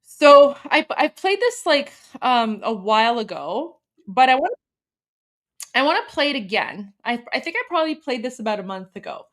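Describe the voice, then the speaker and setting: A woman's voice: sits high, very animated, moderate pace, a bit bright. A woman from Iran, hosting and chatting casually with many fillers. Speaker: host. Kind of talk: casual introduction.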